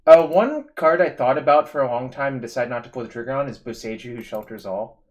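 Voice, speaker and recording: A man hosts a live card-game stream and talks through his choices as he makes them. He sounds casual and analytical, with a voice of ordinary middle pitch. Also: quick pace, a little mellow. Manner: analytical, thinking aloud. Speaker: streamer host. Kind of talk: casual gaming commentary.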